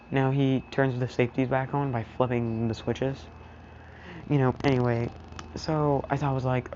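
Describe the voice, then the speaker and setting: A man's voice: mid-range voice, level tone, moderate pace, a little mellow, highs cut off, slight background noise. A man casually narrating an improvised fan story, rambling with lots of fillers.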